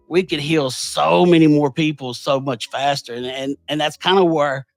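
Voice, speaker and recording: A man's voice: fairly high pitch, normal speed, no echo, soft background music. A man, hosting a podcast and telling a personal story in an earnest, rambling way. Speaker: podcast host. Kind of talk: casual conversation.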